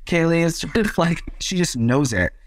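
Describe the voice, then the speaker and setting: A man, an actor, chatting as an interview guest and telling set stories with lively acted-out quotes. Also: a little high, moderate pace. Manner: lively storyteller, acts out quotes. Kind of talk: casual interview chat.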